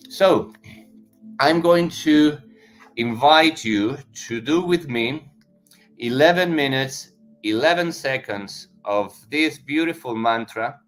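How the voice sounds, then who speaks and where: A man leading a self-healing practice, giving gentle, unhurried, encouraging instructions with faint music behind him. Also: medium pitch. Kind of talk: guided mantra and tapping practice.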